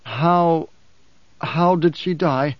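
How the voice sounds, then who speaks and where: A grave young male ruler, quiet and measured in his grief, as a man reads him aloud. The voice sits a little high for a man. The sound is dry and slightly dull. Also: no echo. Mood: grieving.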